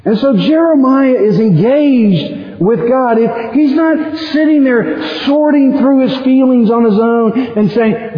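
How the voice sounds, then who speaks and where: A high-voiced man preaches a sermon with lively animation, now and then acting out anguished prayers. He is heard in a roomy church hall with a long reverb, and the sound is a little dull. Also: a little slow. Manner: animated, acts out quoted prayers with sudden rises in pitch. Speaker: pastor.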